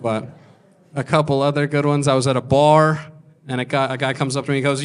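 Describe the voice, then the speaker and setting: A man's voice: mid-range voice, little pitch movement, brisk, smooth. A man in his thirties telling stand-up stories, crude and self-mocking, slipping into other people's voices. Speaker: stand-up comedian. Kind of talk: stand-up storytelling.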